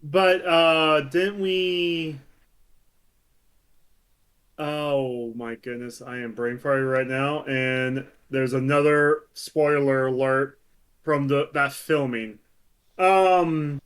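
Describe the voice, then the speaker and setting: A man co-hosting a podcast in casual chat, excitable, tripping over his words and laughing often. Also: mid-range voice, slow, clear, resonant tone. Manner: excitable, stumbling restarts and laughs. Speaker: podcast co-host.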